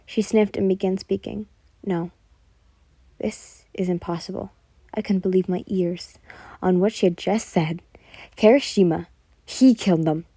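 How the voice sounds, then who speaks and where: A woman narrating a second-person fan story in a soft, partly whispered manner. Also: lowish voice, fairly even intonation, a little slow, pauses often, husky, no room sound.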